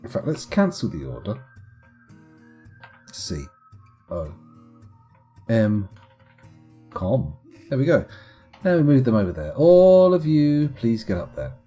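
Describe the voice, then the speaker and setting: A man's voice: on the low side, sing-song, takes it slowly, long pauses, dark tone, slightly rough, soft background music. A man streaming live gameplay commentary in a playful, chatty, self-mocking way.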